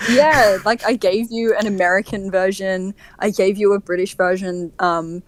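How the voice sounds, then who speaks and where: A woman with an Australian accent, a voice actor chatting casually, laughing often and filling pauses with um and like. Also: mid-range voice, steady tone, dry recording. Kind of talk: casual group chat.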